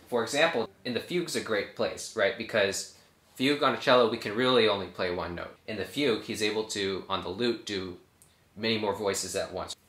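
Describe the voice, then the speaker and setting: Deep-voiced young man explaining music. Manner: relaxed and explanatory, with many fillers. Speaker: cellist explaining a piece. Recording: echoey room with cello playing.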